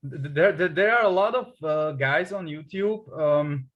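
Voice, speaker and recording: A man interviewing a guest in a casual conversation, talking hesitantly with many pauses and restarts. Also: on the high side, dull audio. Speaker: English tutor, interviewer.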